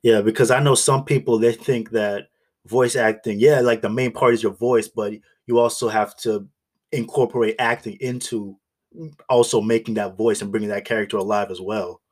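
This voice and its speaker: A man hosting a podcast interview, asking questions in a relaxed, loose way with many filler words. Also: on the low side, moderate pace. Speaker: podcast host. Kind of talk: casual interview chat.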